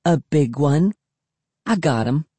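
A man's voice: a little high, lively intonation, slow, husky, dry recording, pitched above the performer's own voice, exaggerated voice. A man doing a bold, teasing young girl. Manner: teasing, insistent, drops to a hush for scary talk. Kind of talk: audiobook character voice.

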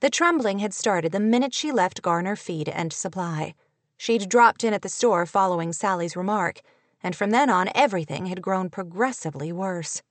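Woman reading a novel audiobook, steady measured telling, mid pitch, super dry close mic. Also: no room sound. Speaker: audiobook narrator. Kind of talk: scripted narration.

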